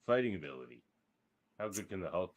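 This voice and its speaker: A man's voice: low voice, sing-song, fairly quick. A man co-hosting a casual podcast, reading out categories and teasing his co-host with confidence. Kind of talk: casual chat.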